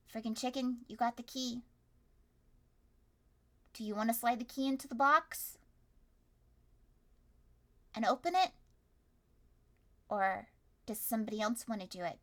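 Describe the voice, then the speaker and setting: Brief: young woman streamer, high bright voice, playful improvised storytelling. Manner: playful, animated, swings from loud to hushed. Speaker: streamer running an interactive story.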